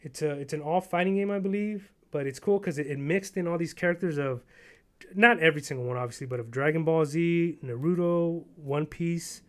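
Man, casual chat, rambling, profane, fairly high voice. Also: fairly quick.

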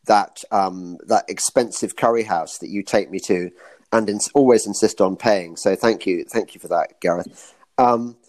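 A man's voice: on the low side, normal speed, a little mellow. Rambling, ironic British man. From Britain. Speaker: guest. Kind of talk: casual chat.

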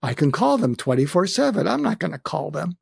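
A gravelly, husky older man recounts personal stories in a candid, reflective way. His delivery is dry and close, with lively bursts when he quotes other people. He speaks as an interview guest. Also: on the high side, fairly quick, no echo. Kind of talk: reflective storytelling.

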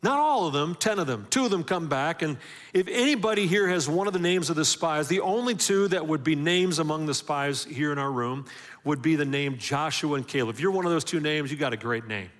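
A man preaching a sermon with emphatic call-and-response questions, swinging from loud, driving lines to hushed ones. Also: a little high, a little fast, big-room sound. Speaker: pastor.

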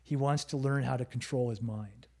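A man's voice: mid-range voice, steady tone, moderate pace, a little mellow, husky. A man chatting casually on a podcast, telling a story with plenty of swearing and laughter. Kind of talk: casual chat.

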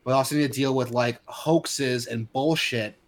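A man's voice: mid-range voice, fairly even intonation, moderate pace, slight background noise. A man co-hosting a podcast, ranting heatedly in casual chat with many restarts and fillers. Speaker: podcast co-host.

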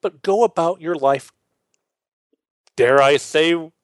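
A man from Illinois, USA, hosts a Lutheran podcast, teaching in a relaxed, conversational way with earnest, stammering restarts. His voice is a little high and slow, recorded dry.

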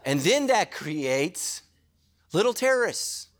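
A middle-aged man preaching a sermon as a pastor, animated and jokey, with quick asides to the congregation. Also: high-pitched.

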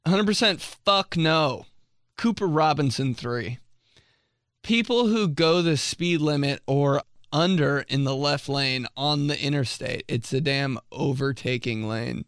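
A young man riffs through a casual comedy podcast, rambling and animated, full of fillers and goofy sound effects. His voice is bright and crisp. The recording is close and dry. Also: on the high side, a little slow, no room sound. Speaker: podcast host.

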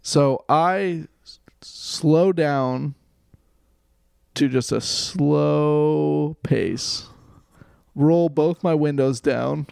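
A man tells a story in a loose, animated way, with plenty of swearing and laughing at his own expense. His voice sits a bit high for a man and carries a gravelly fry. He is close to the mic in a dry, dead room. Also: very slow, long pauses, dry recording. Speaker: comedian and podcast guest. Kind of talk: casual storytelling.

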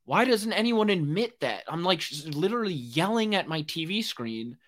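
A young man hosting a solo podcast, ranting excitably in casual speech, with lots of fillers and swearing. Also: sits high, normal speed, few pauses. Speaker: podcast host. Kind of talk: solo rambling podcast monologue.

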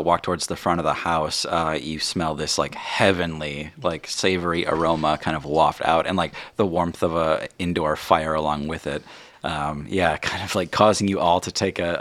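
A man with a very deep voice runs a tabletop game. He narrates loosely, trailing off with fillers as he describes the scene. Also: no echo. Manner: relaxed, halting narration with many fillers. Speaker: game master.

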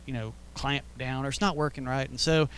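A man's voice: mid-range voice, fairly even intonation, fairly quick, a bit bright, smooth. A man giving an informal church teaching, telling stories in a chatty way with many asides. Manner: storytelling, conversational with fillers and asides. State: briefly emotional, choked up.

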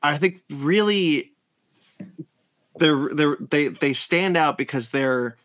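A man's voice: a little high, slow pace, fairly bright tone. A man hosting a podcast, chatting enthusiastically about a comic book with frequent restarts. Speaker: podcast host. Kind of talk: casual podcast chat.

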